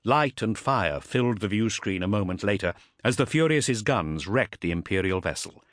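A man giving dramatic, expressive audiobook narration. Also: lowish voice, normal speed, dry recording, clean studio sound.

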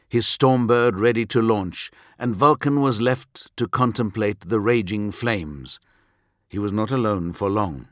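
A man narrating an audiobook in a measured, dramatic manner. His voice is low and his delivery very unhurried. The recording is dry and close to the mic. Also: no echo.

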